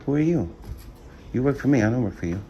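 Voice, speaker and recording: A man from the Bronx, calmly but defiantly refusing officials' orders. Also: medium pitch, fast talker, highs cut off, a loud crowd. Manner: calm but defiant, street slang. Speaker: citizen filming public officials. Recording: noisy handheld recording.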